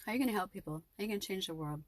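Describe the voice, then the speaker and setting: Middle-aged woman vlogger, heartfelt and rambling, husky throat and dry close sound. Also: medium pitch, racing, dry recording. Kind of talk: emotional personal vlog monologue.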